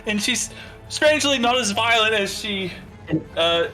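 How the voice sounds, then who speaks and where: A man playing a tabletop role-playing game with a bright, forward voice. He pauses and hedges as he describes his character's actions. Faint music sits underneath. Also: sits high, lively intonation, rough recording. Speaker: player. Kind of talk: casual tabletop play.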